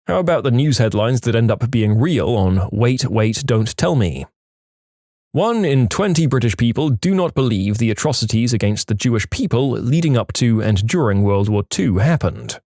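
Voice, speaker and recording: A man reads listener posts aloud for a podcast, his pitch leaping up and down as he goes. He breaks in with dry, wry comments of his own between the items. The recording is close and dead dry, with no room sound at all. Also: normal speed, no echo. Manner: animated reading with wry asides. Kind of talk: reading online posts aloud.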